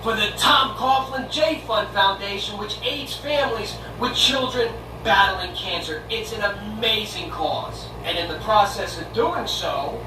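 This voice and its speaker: A man's voice: sits high, a little slow, few pauses. A brash man, rants sarcastically at rival fans. He sounds far from the mic in a roomy space, and a noisy background runs under him. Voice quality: mocking and brash. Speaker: fan show host. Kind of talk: sarcastic comedic rant. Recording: roomy distant noisy video recording.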